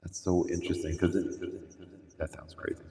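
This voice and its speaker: A man livestreaming as a music producer, chatting casually and thinking aloud in a relaxed way while he adjusts his gear. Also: low-pitched, normal speed.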